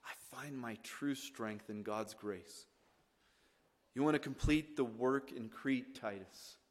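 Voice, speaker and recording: A man preaching a sermon as pastor, swinging from hushed lines to loud, emphatic ones. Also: medium pitch, slow pace. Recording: long reverb of a church hall.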